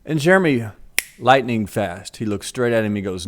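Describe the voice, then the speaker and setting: A middle-aged man telling a story from his school days in a casual, animated way. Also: medium pitch, normal speed. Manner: animated, acts out voices in quotes. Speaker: vlogger telling a childhood story.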